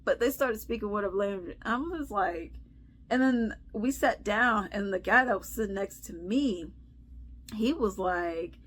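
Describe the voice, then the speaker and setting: A woman vlogger telling a story in casual commentary, chatty and animated, acting out what people said with sighs and laughs. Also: mid-range voice, a little slow.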